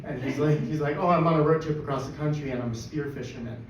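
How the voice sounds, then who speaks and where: A man telling a personal story at a live storytelling event, excitable and laughing through it. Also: fairly high pitch, quick pace. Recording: echoey, distant, dull live recording with noise.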